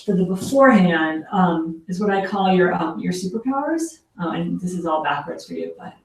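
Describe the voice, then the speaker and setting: A woman's voice: fairly low pitch, lively intonation, normal speed, background noise. Chatty woman speaking in a very echoey room. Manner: chatty, lots of fillers, acts out quoted lines. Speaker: parenting educator giving a workshop. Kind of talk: casual workshop talk to parents. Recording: very echoey room, mic far off.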